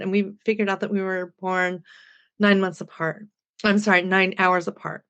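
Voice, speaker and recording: Woman, 60s, podcast guest; lively storyteller, middle-pitched, plays out the dialogue. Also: creaky. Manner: animated storyteller who acts out remembered dialogue. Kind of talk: personal storytelling in an interview.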